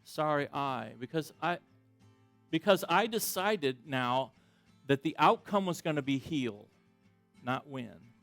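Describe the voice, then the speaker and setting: A middle-aged man giving a sermon as a pastor, talking in a conversational, self-deprecating way that swings between loud emphasis and quiet asides. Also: a little high, lively intonation, takes it slowly, no room sound, faint music behind. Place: church sanctuary.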